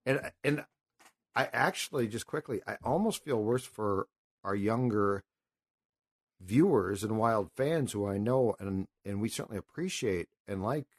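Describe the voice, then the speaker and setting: Impassioned middle-aged sports talk host. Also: male voice, on the low side, expressive, a little slow. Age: 50s. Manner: impassioned, rambling, emotional storytelling.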